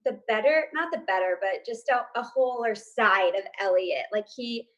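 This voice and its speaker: A woman's voice: on the high side, normal speed, highs cut off. A woman on a casual TV recap panel, talking thoughtfully and hedging with many ums. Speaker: co-host panelist.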